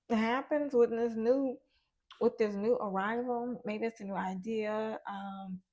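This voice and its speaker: A woman's voice: mid-range voice, a little mellow, lo-fi sound. A woman giving a casual tarot reading while chewing gum, chatty and musing aloud, often laughing and trailing off. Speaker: tarot reader.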